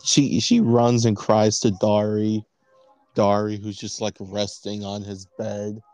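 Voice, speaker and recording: A man's voice: fairly low pitch, flat delivery, slow, a little mellow, no room sound, faint music behind, low-quality recording. A man playing a tabletop role-play game, narrating and teasing his co-player in a playful way.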